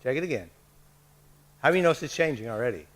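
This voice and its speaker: A man's voice: mid-range voice, animated, fast talker, fairly bright tone. A man leading a live workshop, coaxing the group with short repeated prompts and checks. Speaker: workshop leader.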